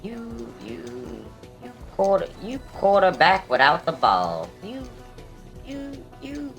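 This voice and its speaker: A man on a squeaky voice changer, trash-talking. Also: huge pitch swings, slow, soft background music, heavily acted. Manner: loud crude trash talk, playful. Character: squeaky high-pitched trash-talking gamer. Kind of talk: live game streaming.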